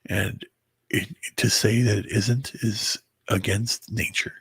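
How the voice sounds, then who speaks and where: A very tired man talking to his viewers in a halting personal monologue, often stumbling and restarting his words. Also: on the low side, fairly even intonation, vocal fry, breathy edge. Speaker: vlogger. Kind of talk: rambling personal monologue to camera.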